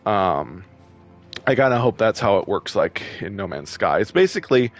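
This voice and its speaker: A man casually commenting while playing a game, chatty and quick to get irritated, laughing often. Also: on the low side, expressive, soft background music. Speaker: gameplay video host.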